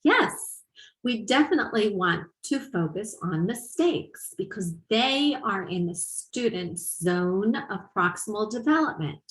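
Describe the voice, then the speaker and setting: A woman's voice: medium pitch, lively intonation, measured pace, reverberant, rough recording. A middle-aged woman presenting at a teaching conference, explaining ideas and asking her audience rhetorical questions. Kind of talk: webinar lecture.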